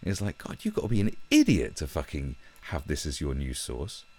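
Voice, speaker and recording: A man's voice: very deep voice, a little fast, breathy edge. A young British man on a live stream, ranting heatedly and swearing as he talks from his own room. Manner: profane, animated, heated.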